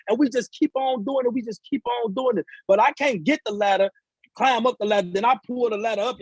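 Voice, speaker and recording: Husky high-voiced man preaching about manhood. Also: no room sound, rough recording. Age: adult father of seven sons. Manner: preaching, repetitive, rising to emphatic peaks. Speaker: author and speaker, guest. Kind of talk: impassioned podcast talk.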